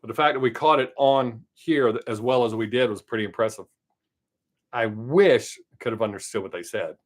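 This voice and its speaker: A man with a Southern accent, hosting a live stream from home and chatting in a rambling, casual way. He says he tries to talk fast. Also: mid-range voice.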